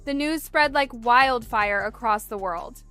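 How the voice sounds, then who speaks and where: A woman telling a dramatized story in a measured, dramatic scripted narration. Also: fairly high pitch, music in the background.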